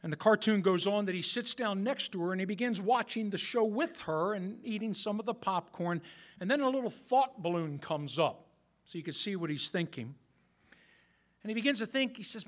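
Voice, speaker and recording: A man's voice: high-pitched, lively intonation, normal speed. A man in his sixties preaching a sermon in a conversational way, talking straight to the men in the room with some self-mocking humor. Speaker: pastor.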